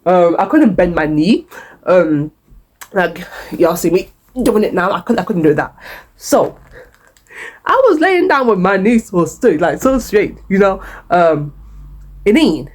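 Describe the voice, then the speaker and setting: A woman's voice: on the low side, big pitch swings, measured pace, long pauses, a little mellow. A young woman vlogger telling a casual storytime, chatty and repetitive, with frequent swearing. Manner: chatty, repeats herself, swears, sings a short hymn.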